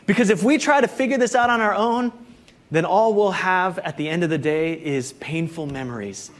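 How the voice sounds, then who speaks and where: Pastor, male, fairly high voice, relaxed chatty sermon delivery peppered with fillers. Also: normal speed. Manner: conversational preaching with frequent "you know" and "like".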